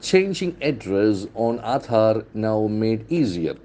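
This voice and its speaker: A man's voice: lowish voice, very animated, warm tone. A man with an Indian English accent teaching pronunciation from newspaper headlines, repeating words and spelling them out letter by letter. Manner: drills words aloud, repeating them slowly. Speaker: English trainer. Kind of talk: newspaper-based pronunciation lesson.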